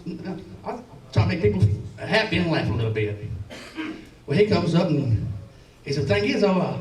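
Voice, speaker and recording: Southern alabama guy doing standup, high voice jumping all over, stutters and cusses, echoey club, mic kinda far. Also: a little mellow. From Alabama and Tennessee. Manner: rambling, stammering, profane storytelling. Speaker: stand-up comedian. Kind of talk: stand-up set. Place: comedy club stage. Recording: roomy club sound from a distance.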